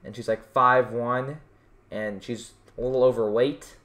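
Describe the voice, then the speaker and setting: A man's voice: medium pitch, steady tone, a little slow, a bit bright. A man performing his own stand-up comedy for a video channel, with a mid-range voice. He talks in a loose, rambling way, often restarting sentences. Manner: rambling, many fillers and restarts. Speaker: vlogger doing stand-up. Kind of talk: self-written stand-up comedy monologue.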